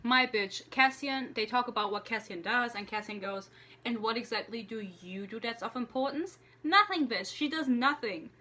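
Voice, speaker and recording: A woman's voice: fairly high pitch, moderate pace, sharp tone. Fired-up young woman ranting about a book. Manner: heated, profane, exasperated ranting. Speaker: book reviewer. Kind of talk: casual ranting book review. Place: home room with a PC.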